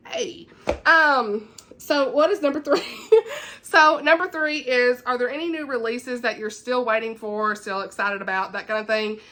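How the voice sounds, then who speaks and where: A woman's voice: on the high side, pushed and bright. A young woman, chatting casually to camera about books and giggling often. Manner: chatty and giggly, greets viewers by name. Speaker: book vlogger.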